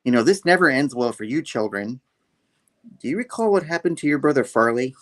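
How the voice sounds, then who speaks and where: A man's voice: on the high side, sing-song, normal speed, pitched above the performer's own voice. A man voicing a haughty, menacing villainess matriarch in a pompous, mock-sweet tone.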